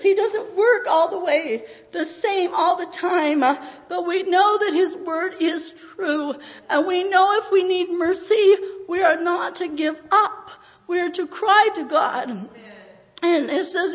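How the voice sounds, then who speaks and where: A woman preaching a sermon with emotion, often pausing on "uh" as her voice breaks. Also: extremely high pitch. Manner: emotional, frequent "uh" fillers, voice breaking. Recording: dull audio in a reverberant hall.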